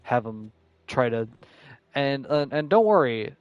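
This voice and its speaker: A man's voice: mid-range voice, sing-song, measured pace, clear, resonant tone, no echo, lo-fi sound. A man streaming a game, telling a story in casual chat, rambling with lots of filler words and swearing. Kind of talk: casual storytelling while gaming.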